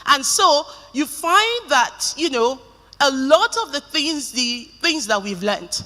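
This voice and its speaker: Slow and high-pitched, a middle-aged Nigerian woman gives a keynote talk in a conference hall full of reverb. She jokes with the audience and spins lively stories.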